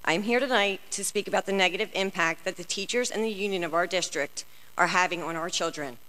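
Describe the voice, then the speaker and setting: A woman's voice: lowish voice, fast, pushed and bright. A woman giving an emotional, earnest prepared comment as a parent at a public school board meeting. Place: large meeting hall. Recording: long hall reverb.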